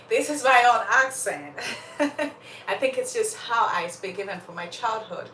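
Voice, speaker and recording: A woman's voice: a little high, animated, measured pace, pushed and bright, recorded from a distance. A young woman from Uganda chatting casually with viewers on a livestream, laughing often and a little under the weather with a slight cough. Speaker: livestream host. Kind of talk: casual live chat with viewers. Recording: roomy sound from off the mic, faint background noise.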